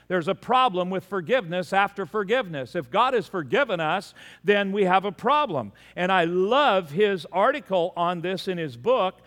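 Man, pastor preaching, high voice, animated storytelling, echoing church hall. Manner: storytelling, animated, quoting others in dialogue. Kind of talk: sermon. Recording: long hall reverb.

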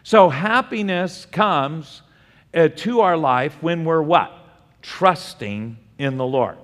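A man's voice: on the high side, expressive, takes it slowly, a bit bright. A man preaching a Bible study sermon, asking the room questions and answering them himself. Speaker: pastor teaching a Bible study. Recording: long hall reverb.

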